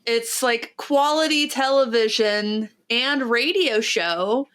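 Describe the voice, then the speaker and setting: A woman's voice: a little high, slow, a bit bright, smooth. A woman with a nasal voice co-hosting a podcast in casual, chatty, self-deprecating talk. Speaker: podcast co-host.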